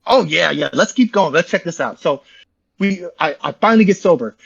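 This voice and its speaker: A man's voice: on the high side, expressive, creaky, fairly bright tone, breathy edge, muffled recording. A man, an interview guest, telling a long rambling story in slangy, repetitive casual talk over a call. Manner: fast, repetitive, slangy, says "bro" often.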